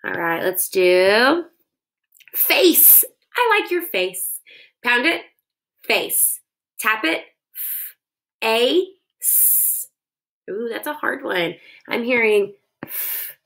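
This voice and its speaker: A woman teacher leads a phonics lesson for young kids, breaking words into syllables slowly and clearly. Her voice is bright and forward, with a steady, encouraging manner. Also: on the high side.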